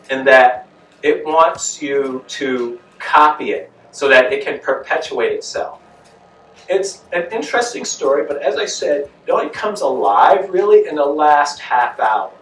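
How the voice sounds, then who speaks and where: Man, film reviewer, slow and animated delivery, rhetorical questions, echoey room, voice heard from a distance. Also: a little high. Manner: conversational, rhetorical questions, emphatic repetition. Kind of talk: casual spoken movie review. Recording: echoey room, voice off-mic, faint music.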